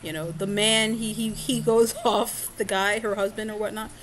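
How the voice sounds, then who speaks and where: A woman's voice: mid-range voice, steady tone, moderate pace, fairly bright tone, a little hiss or hum. A woman vlogger telling a personal story in a casual, rambling way, with frequent fillers and restarts.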